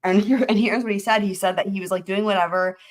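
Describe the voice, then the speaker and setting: A woman's voice: mid-range voice, fairly even intonation, fast talker. Chatty young woman. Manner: chatty, gushing, full of fillers and restarts. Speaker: trial recap host. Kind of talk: casual storytelling to viewers.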